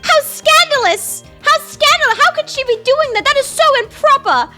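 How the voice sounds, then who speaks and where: A woman's voice: very high-pitched, animated, moderate pace, bright, forceful tone, faint music behind, pitched above the performer's own voice, exaggerated voice. A woman voicing a prim, scandalized noblewoman who gasps in clutching-pearls outrage.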